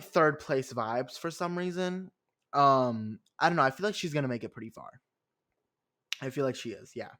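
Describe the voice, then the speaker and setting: Speaking at a medium pitch with a slightly bright edge, a young podcaster goes solo through a reality show recap. He's casual and sarcastic, leaning heavily on fillers.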